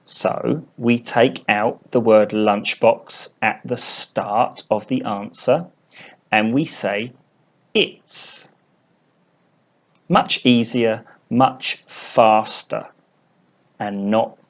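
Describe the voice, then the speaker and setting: A man teaching an English lesson to young learners, explaining slowly and repeating key words. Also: lowish voice, fairly even intonation. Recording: dull lo-fi sound.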